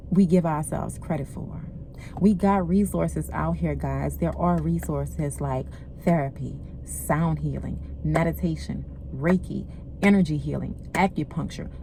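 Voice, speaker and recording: Gravelly-voiced woman giving a candid pep talk. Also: on the low side, dark tone, a little hiss or hum. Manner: candid, emphatic, with casual slang and swearing. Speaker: spiritual well-being guide. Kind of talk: casual motivational talk.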